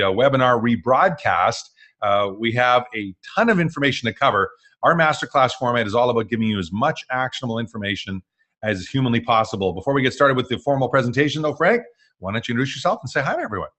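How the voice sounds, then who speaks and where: A man's voice: medium pitch, bright, forceful tone. A man hosting a live webinar masterclass, talking in an upbeat, jokey way with fillers. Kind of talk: energetic presenting.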